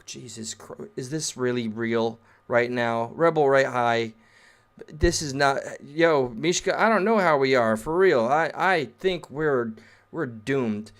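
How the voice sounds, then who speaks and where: Sarcastic man ranting over an article. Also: mid-range voice. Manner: sarcastic, rambling asides while reading aloud. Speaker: streamer reading and reacting to an article. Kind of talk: casual reaction rant.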